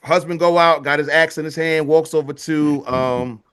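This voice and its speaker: A man in a casual podcast conversation, telling a folktale in animated, slangy speech and laughing as he goes. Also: a little high, moderate pace, clean tone. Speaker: guest storyteller on a history podcast. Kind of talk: casual storytelling.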